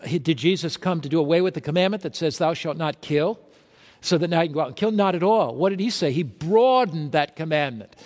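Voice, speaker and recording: Male preacher, higher-pitched voice, quizzes the congregation with rhetorical questions, sermon delivery, long reverb. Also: a little fast, darkish tone. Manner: asks rhetorical questions and reads scripture aloud.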